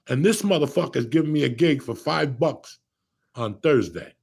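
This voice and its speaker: A man telling stories in a casual chat, profane and rambling, with a gravelly, raspy voice. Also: mid-range voice, expressive, moderate pace, a little mellow. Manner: profane, storytelling. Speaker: podcast host.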